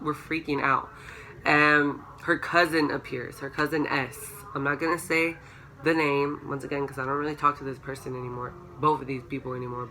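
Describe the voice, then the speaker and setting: A young man vlogging a storytime, rambling through a dream with constant filler words and rising into excited shrieks when he quotes himself. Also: a little hiss or hum. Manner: excited, rises to high-pitched shrieks when quoting himself. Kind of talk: storytime vlog. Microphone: camera.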